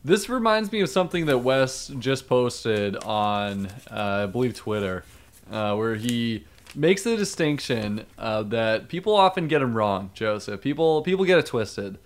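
A man's voice: medium pitch, very animated, measured pace. A man co-hosting a podcast in a casual chat, talking loosely with lots of fillers and frequent laughs. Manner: chatty, laughs often, many fillers. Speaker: podcast co-host.

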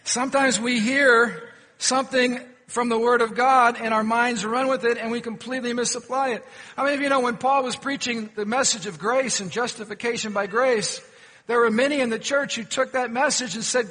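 A man's voice: very high voice, brisk, sharp tone, long reverb tail. A pastor preaching a sermon, questioning his congregation and telling folksy jokes. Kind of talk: sermon with humorous stories. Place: church sanctuary.

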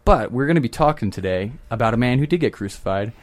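A man's voice: medium pitch, expressive, fast talker. A young man co-hosting a podcast, chatting casually and telling a story with frequent laughs. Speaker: podcast co-host. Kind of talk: casual chat.

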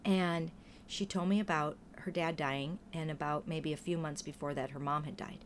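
A woman in casual conversation, telling stories in a lively way and acting out what people said. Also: low-pitched, normal speed, slight background noise. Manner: lively storytelling, acts out quoted voices. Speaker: podcast guest or co-host. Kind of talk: casual chat.

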